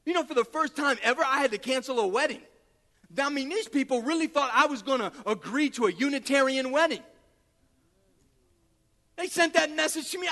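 High-voiced emphatic male preacher. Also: lively intonation, a little fast, bright, forceful tone. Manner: emphatic, repetitive, acts out quoted dialogue. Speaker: pastor. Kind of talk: sermon. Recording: reverberant hall.

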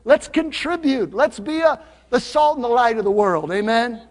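A high-pitched man preaches with an upbeat, teasing warmth toward his congregation. His voice rings through a church sanctuary with a long, lingering reverb. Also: moderate pace. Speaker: pastor. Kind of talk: sermon.

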